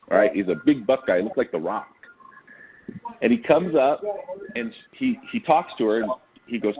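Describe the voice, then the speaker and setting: Guy on a muffled call, lowish husky voice, tells stories and does the voices. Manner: animated storyteller who acts out quoted people. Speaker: guest speaker on a team call. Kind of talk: storytelling training talk.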